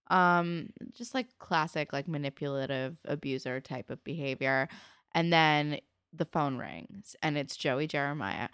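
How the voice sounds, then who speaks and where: Low-voiced woman recapping a show. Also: a little slow, clean tone, dry recording, studio quality. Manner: animated retelling, acting out characters' lines in quoted voices. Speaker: podcast co-host. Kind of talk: casual chat recapping a TV episode.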